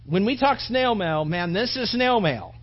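High husky guy preaching, emotional and chatty, kinda dull recording. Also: lively intonation, measured pace. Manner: earnest, emotional, conversational preaching with many restarts. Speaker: pastor. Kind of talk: sermon.

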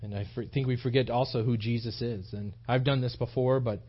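A man's voice: mid-range voice, steady tone, brisk, slightly rough. Guy preaching in a small church, earnest and emphatic, muffled lo-fi recording. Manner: earnest, repetitive, emphatic delivery with frequent restarts. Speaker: pastor. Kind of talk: sermon.

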